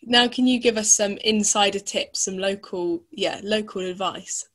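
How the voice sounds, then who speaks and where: A woman hosting a travel podcast, upbeat and quick to laugh and agree with her guest. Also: mid-range voice, a bit bright. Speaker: podcast host. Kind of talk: casual interview chat.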